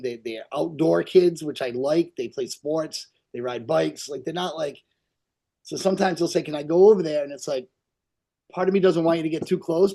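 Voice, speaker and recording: A man co-hosting a podcast, speaking in relaxed casual chat. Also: a little high. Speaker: podcast co-host.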